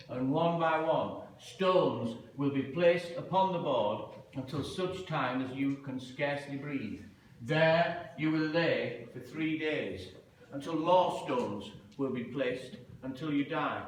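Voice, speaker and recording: Solemn old judge, put on by a male storyteller, booming and slow, cavernous echo, distant mic, faint hiss. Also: close to an everyday voice. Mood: grave. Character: stern old male judge pronouncing a death sentence.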